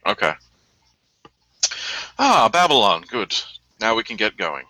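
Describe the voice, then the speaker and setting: Sex: man. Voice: very bright, lowish. Sound: dry. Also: big pitch swings, dry recording, rough recording. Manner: quick, chatty, hesitant when deciding. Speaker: player. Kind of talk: casual tabletop role-play. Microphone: online voice call.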